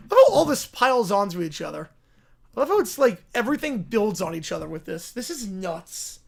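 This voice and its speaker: A man with a notably high speaking voice hosts a casual livestream, tossing out incredulous comments between readings. His talk is loose and conversational. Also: very animated, fairly quick, vocal fry. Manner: incredulous, laughing asides. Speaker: livestream host. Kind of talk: casual live reaction chat.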